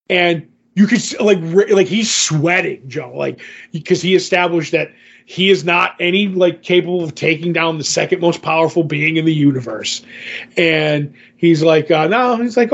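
A man's voice: fairly high pitch, normal speed, dull audio. A man co-hosting a podcast, recapping a comic in casual chat, rambling with lots of fillers and restarts. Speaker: podcast co-host.

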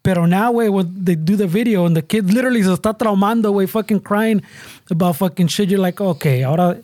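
A man's voice: sits high, fast, darkish tone, dry recording. A man and parent, telling a story in a rambling, profane, casual way with lots of Spanish slang mixed in. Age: adult parent. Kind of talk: casual chat.

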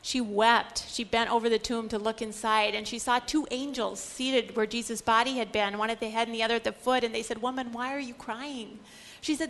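A woman giving a Catholic teaching lecture to a group, animated and fond of repeating phrases for emphasis. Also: a little high, a little fast.

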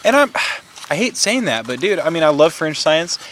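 A man's voice: fairly high pitch, very animated, normal speed, fairly bright tone, slight background noise. Male co-host, easygoing and jokey, casual podcast banter. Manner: laid-back, joking, trails off into laughs. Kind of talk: casual chat.

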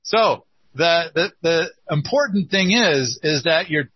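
A man's voice: a little high, lively intonation, takes it slowly, slightly rough, dry recording, muffled recording. A man hosting a casual call-in chat, speaking in a playful, teasing way. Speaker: host.

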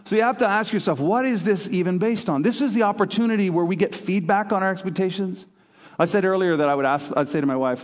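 A man's voice: high-pitched, fast talker, long reverb tail, muffled recording. A man from Canada preaching a sermon, telling stories animatedly and acting out quoted voices. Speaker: pastor.

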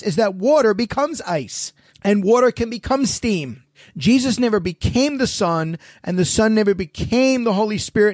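A man's voice: high voice, darkish tone, dry recording, clean studio sound. A man hosting a podcast, casually talking through theology and throwing rhetorical questions to his co-hosts. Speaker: podcast host.

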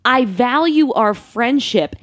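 A woman spins a dramatic family story in relaxed conversation, voicing the people in it as she goes. Her voice sits high and swoops all over the place. The sound is dry and close, with no room echo. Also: takes it slowly. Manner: animated, dramatic storytelling with acted-out quotes and frequent laughter. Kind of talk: casual chat.

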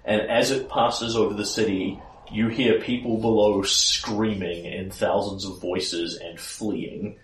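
A man running a tabletop game, describing scenes vividly in a lowish voice. Sound is roomy and a little distant. Faint background noise. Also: steady tone, takes it slowly, few pauses. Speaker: game master.

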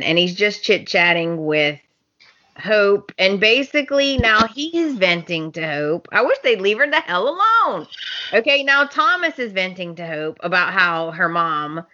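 A woman, co-hosting a podcast and recapping a soap opera in casual, animated chat, acting out characters' lines. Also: fairly low pitch. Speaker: podcast co-host. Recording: slightly dull lo-fi podcast audio.

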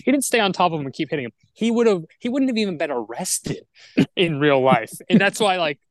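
A man co-hosting a film podcast in casual chat, animated and opinionated, arguing his points like the lawyer he is. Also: mid-range voice, no room sound.

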